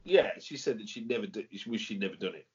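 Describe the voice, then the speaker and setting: A man's voice: lowish voice, lively intonation, quick pace, slightly rough. A man co-hosting a casual podcast, rambling and searching for words as he talks. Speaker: podcast co-host. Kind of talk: casual banter. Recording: dull lo-fi podcast audio.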